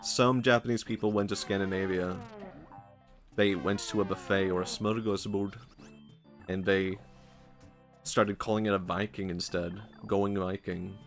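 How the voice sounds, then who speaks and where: Low, gravelly streamer. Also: male voice, steady tone, unhurried, pauses often, soft background music. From Sweden. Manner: rambling, jokey, laughs often. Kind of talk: casual gaming stream commentary.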